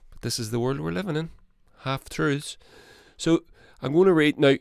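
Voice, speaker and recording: A man's voice: a little high, normal speed, creaky, clear, resonant tone, no echo, clean studio sound. A man hosting his own casual political commentary, blunt and rambling, swearing and restarting his sentences.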